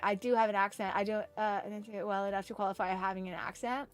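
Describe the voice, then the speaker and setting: A woman streaming a game, chatting casually and excitedly while reading chat aloud. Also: medium pitch, fast talker, clear, resonant tone, no room sound.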